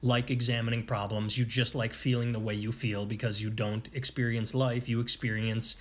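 A man's voice: on the low side, fairly even intonation, moderate pace, few pauses, a bit bright. A man in a casual political chat who sounds frustrated and rambles, breaking off and restarting his sentences.

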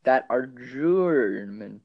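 A man's voice: mid-range voice, expressive, gravelly, narrow, tinny audio. A man co-hosting a casual comedy podcast, quizzing his co-host with stammering restarts. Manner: quizzing, stammering, quick to laugh.

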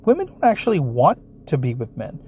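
His voice is mid-range and gravelly, moving at normal speed, as this man rants on his own in a blunt, profane monologue. He swears heavily and speaks straight at listeners, animated throughout, with a little hiss or hum in the background.

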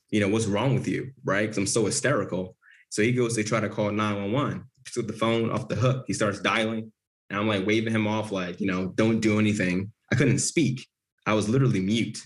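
A man's voice: lowish voice, a bit bright. A man as an interview guest, telling a personal story in an earnest, vivid way.

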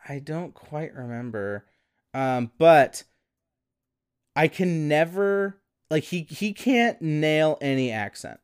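Podcast guy, smooth voice, laughs a lot, rambly, dry close mic. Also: fairly high pitch, animated, slow, no echo. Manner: laughs often, rambling with many fillers. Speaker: podcast co-host. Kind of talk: casual chat.

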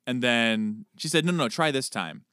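A man co-hosting a podcast, chatting casually with jokey, animated storytelling. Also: medium pitch, moderate pace, smooth, no echo, studio quality. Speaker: podcast co-host. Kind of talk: casual chat.

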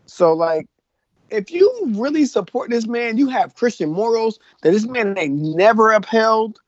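A man's voice: high voice, expressive, unhurried, no echo. A man co-hosting a casual podcast chat, ranting in a heated, profane way. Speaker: podcast co-host. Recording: dull, lo-fi dry recording.

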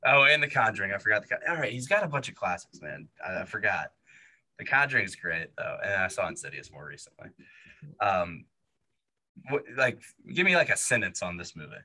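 A man's voice: fairly low pitch, big pitch swings, fairly quick, pushed and bright. A man co-hosting a casual movie podcast, rambling with lots of fillers and restarts. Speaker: podcast co-host.

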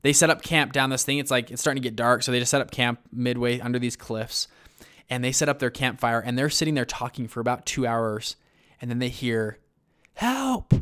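A man telling a story in a casual interview, lively, with lots of fillers and restarts and acted-out quotes. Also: mid-range voice, a little fast, clear, resonant tone. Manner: animated, many fillers and restarts, acts out quotes. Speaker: guest recounting a search-and-rescue story.

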